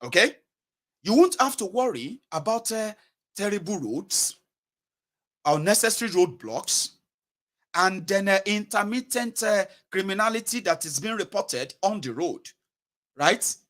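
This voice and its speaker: A man's voice: high voice, unhurried. A man with a Nigerian accent giving casual political commentary, acting out prayers and slipping into Pidgin. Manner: animated, acts out mocking prayers in Nigerian Pidgin.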